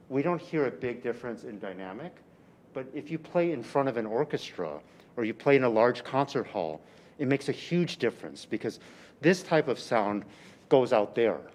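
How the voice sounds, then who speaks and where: A man teaching a violin master class in a rehearsal room, coaching a student with lively, exaggerated phrasing and frequent restarts. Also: mid-range voice. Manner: animated, exaggerated teaching delivery with repeated phrases.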